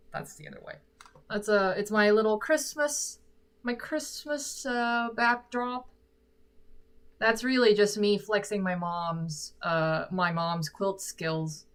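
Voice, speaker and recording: A woman's voice: mid-range voice, a bit bright. A woman with an American accent hosting a casual livestream Q&A from her room at home, chatty and self-deprecating, speaking into a sock-covered microphone. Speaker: singer and livestream host.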